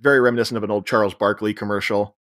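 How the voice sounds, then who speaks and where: A man's voice: fairly low pitch, steady tone, rapid-fire, fairly bright tone. A young adult man co-hosting a podcast, retelling film scenes with jokey asides. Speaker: podcast co-host. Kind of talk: casual film recap chat.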